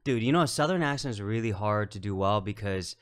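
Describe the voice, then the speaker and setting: A man speaking in a somewhat low voice as a podcast guest. He talks loosely and at length, stacking fillers and acting out what other people said. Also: expressive, fairly quick, smooth. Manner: rambling storyteller, quotes others, lots of fillers. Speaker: guest filmmaker and actor. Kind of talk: casual podcast chat.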